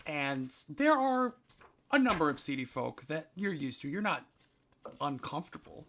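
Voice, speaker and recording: A man's voice: on the high side, lively intonation, moderate pace, pushed and bright, slight background noise. A man running a tabletop game as game master, narrating casually with many fillers.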